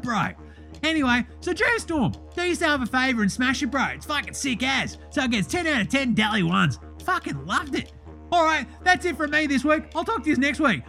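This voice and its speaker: A man's voice: extremely high pitch, creaky, sharp tone, pitched above the performer's own voice, full character voice. A man putting on a crude, rowdy Australian basketball player with a brash, swaggering, foul-mouthed Australian manner. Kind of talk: comedy character bit.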